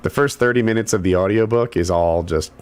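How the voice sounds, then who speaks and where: A man's voice: lowish voice, brisk, smooth. A man co-hosting a podcast, telling self-mocking stories in casual banter. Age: adult. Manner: animated, self-mocking storyteller. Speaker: podcast co-host.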